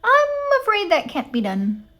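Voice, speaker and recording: A woman doing a sickly sweet high-voiced phone clerk. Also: wildly swooping pitch, measured pace, pushed and bright, full character voice. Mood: sugary. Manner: too-sweet, high and chirpy.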